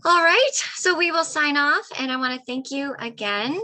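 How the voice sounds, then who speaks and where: A woman hosting a casual video-call chat, her voice bright and a little sharp. She talks in a chatty, loose way, with ums and small laughs between thoughts. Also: high voice, moderate pace, rough recording. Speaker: host. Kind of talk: casual online interview chat.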